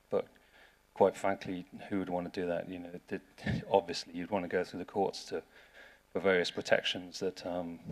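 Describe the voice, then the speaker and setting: A man with an English accent giving a conference talk in a dry, wry way, often restarting his sentences. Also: sits low. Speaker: lawyer giving a seminar talk. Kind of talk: conference presentation.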